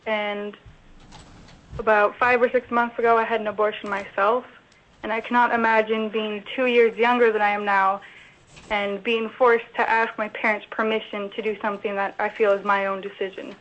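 Flat-voiced young woman, halting. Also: medium pitch, highs cut off. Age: young adult. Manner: halting, emotional. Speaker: public testifier.

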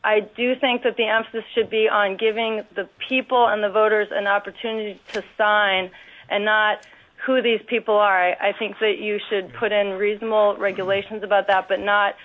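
A woman giving earnest, careful public testimony at a legislative hearing, pausing often with ums. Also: medium pitch, little pitch movement. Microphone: telephone. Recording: tinny phone line.

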